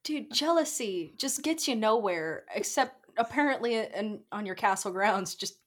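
A woman's voice: fairly high pitch, animated, unhurried. A woman chatting casually on a podcast, reacting with quips and laughter. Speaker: podcast co-host. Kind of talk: casual chat.

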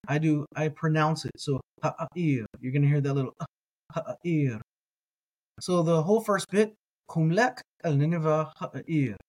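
A man teaching a reading lesson, patiently repeating each word slowly for listeners to echo. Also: on the high side, darkish tone. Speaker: language teacher.

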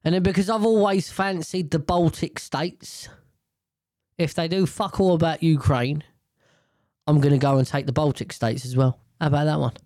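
A man's voice: fairly high pitch, fairly even intonation, moderate pace, a little mellow, dry recording, close to an everyday voice. A man voicing an older Russian leader who brags about seizing land, in a casual, boastful tone close to his own voice. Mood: scheming.

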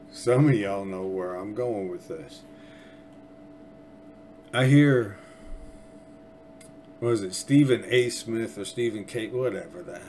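A man's voice: on the low side, a little mellow, a little hiss or hum. A man hosting a casual political commentary show, rambling and sarcastic, often restarting his sentences. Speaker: podcast host.

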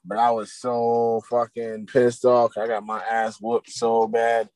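A man's voice: mid-range voice, completely flat delivery, slow, darkish tone. A man in casual chat, telling a profane, laid-back story of his own.

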